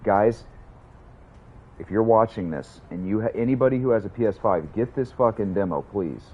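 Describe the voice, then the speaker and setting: A man's voice: fairly low pitch, animated, moderate pace, husky, lo-fi sound. A young man chatting casually while livestreaming a game, rambling, swearing and answering his chat. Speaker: streamer.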